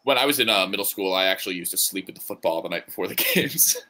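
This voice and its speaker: A man's voice: sits low, lively intonation, quick pace, pushed and bright. A man co-hosting a podcast, chatting casually and joking as he rambles through his thoughts. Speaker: podcast co-host. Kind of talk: casual chat.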